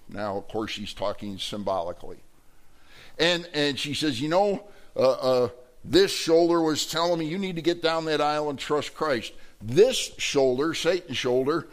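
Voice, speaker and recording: Man, middle-aged, Wisconsin accent, pastor, sermon, animated storytelling. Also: medium pitch. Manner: animated storytelling, acting out the people he quotes.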